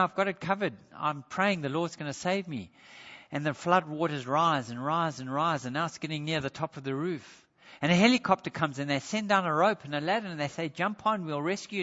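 Male pastor, bright ringing voice, preaching with fervor, dull sound in a long-reverb church hall. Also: fairly high pitch. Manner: impassioned preaching, swings from loud to hushed. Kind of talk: sermon.

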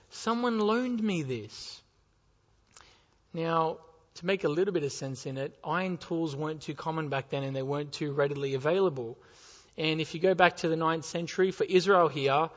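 A man's voice: high voice, fairly bright tone. A man preaching a sermon as pastor, telling stories and asking rhetorical questions. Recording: dull sound with long hall reverb.

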